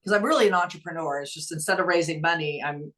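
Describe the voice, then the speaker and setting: A woman's voice: low voice, fast talker. Earnest middle-aged woman telling her story. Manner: earnest, emotional, quotes others in lively voices. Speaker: nonprofit founder and guest. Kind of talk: conversational storytelling.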